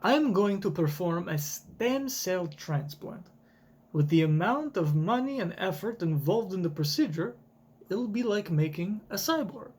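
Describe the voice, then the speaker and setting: A man voicing an excitable older genius scientist in a wavering put-on accent while reading a comic aloud. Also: high voice, measured pace, slightly rough, exaggerated voice. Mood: explaining.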